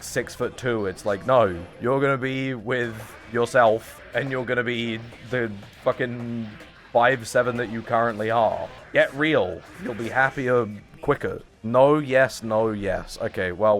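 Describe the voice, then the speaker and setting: A young man rambles through a casual gaming stream, swinging between dry asides and self-mocking jokes for his chat. His voice sits at an ordinary middle pitch. Faint music plays under him. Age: 20s.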